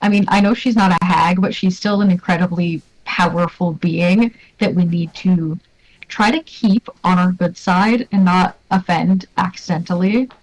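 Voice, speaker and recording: A woman's voice: fairly low pitch, fairly even intonation, moderate pace, low-quality recording. A woman playing a tabletop game, talking hesitantly with many ums and stammers. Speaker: player. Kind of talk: casual tabletop game chat.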